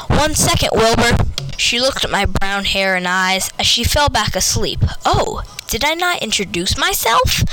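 A woman reading a first-person story aloud with lively storybook delivery, putting on voices for each character. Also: mid-range voice, slight background noise, low-quality recording.

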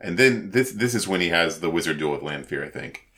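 A man's voice: low voice, animated, a little fast, fairly bright tone. A man co-hosting a casual book discussion podcast, easygoing and playful, often restarting his sentences. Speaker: podcast co-host.

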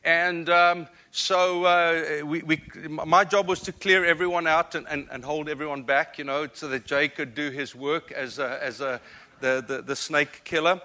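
A man's voice: fairly high pitch, steady tone, moderate pace, pushed and bright. A man in his forties with an African accent, preaching a sermon as a guest speaker and telling a story with earnest, self-deprecating humor. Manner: earnest, self-deprecating, repeats words when building up.

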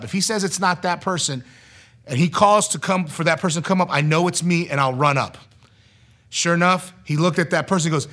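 A man's voice: fairly high pitch, fast. A young man casually telling a personal testimony, using lots of fillers and acting out quoted lines in a raised voice. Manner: animated, acts out quotes in a raised voice; casual, filler-heavy with frequent likes.

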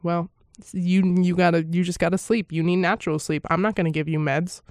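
A woman voicing a dismissive male doctor who brushes off a patient in a flat, offhand way. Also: on the low side, fairly quick, dry recording, clean studio sound, natural voice.

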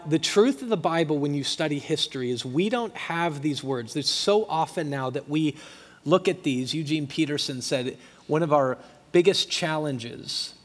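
A middle-aged male pastor preaching a passionate, emotional sermon with emphatic repetition in a church. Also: on the high side. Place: church sanctuary. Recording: long hall reverb.

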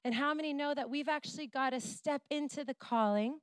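Lady preaching, high voice, super animated and jokey, dry close mic. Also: fairly quick, dry recording. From Canada. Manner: animated, playful storytelling with asides. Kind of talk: sermon. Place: church.

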